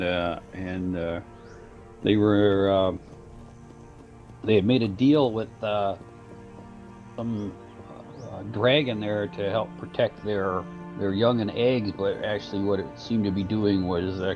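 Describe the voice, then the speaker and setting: Man, player, low voice, hesitant, rambling, muffled lo-fi audio. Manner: rambling, hesitant, many fillers. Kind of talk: tabletop game play. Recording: dull lo-fi sound.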